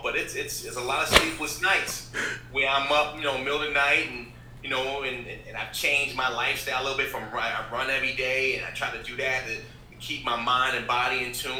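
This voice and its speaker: Man, podcast guest, very bright tone, roomy echo, faint noise, earnest motivational rambling. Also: medium pitch. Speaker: podcast guest, radio host. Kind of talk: casual interview talk.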